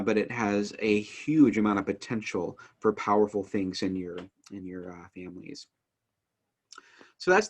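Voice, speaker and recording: A man who teaches family life, talking casually to the camera in an earnest, eager way while working to keep his pace slow and calm. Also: lowish voice. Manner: earnest, eager, works at speaking slowly and calmly; frequent fillers and restarts as energy rises. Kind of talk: casual instructional talk to camera.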